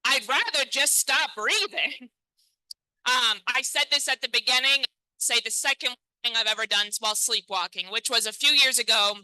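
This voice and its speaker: A woman's voice: fairly high pitch, brisk, sharp tone, smooth, no echo, rough recording. A woman in her thirties performing a stand-up comedy set, self-deprecating and chatty, talking straight to the crowd on a comedy stage. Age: 30s.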